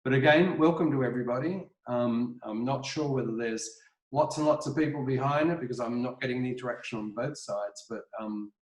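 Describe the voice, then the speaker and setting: A man's voice: medium pitch, brisk, roomy sound, low-quality recording. Australian man presenting from his kitchen. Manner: rambling, many fillers and restarts, apologetic. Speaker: webinar presenter, art educator. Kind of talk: casual online presentation. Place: home kitchen.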